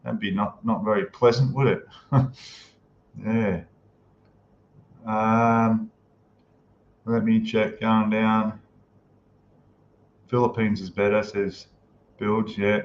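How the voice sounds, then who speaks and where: A man's voice: lowish voice, little pitch movement, slow pace, pauses often. A man hosting a casual live stream, chatting easily and greeting viewers as he reads out their comments. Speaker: livestream host. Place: home room, in Thailand. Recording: echoey room, dull lo-fi sound, faint noise.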